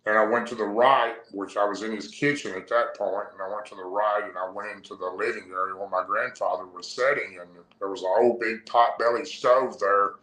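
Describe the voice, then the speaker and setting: A man tells a long story as a guest in a casual interview, rambling on and chaining his clauses with "and". His voice is fairly low, with a forceful, bright tone. The room echoes noticeably. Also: steady tone, fairly quick, hardly any pauses. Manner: rambling, breathless story with many "and"s. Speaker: podcast guest. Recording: roomy echo.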